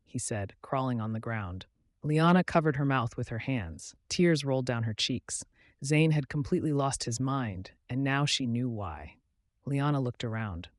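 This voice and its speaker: A man tells a scripted story in an expressive, dramatic way. His voice rises and falls lively at a middle pitch. The recording is dry and close. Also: no echo. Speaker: narrator.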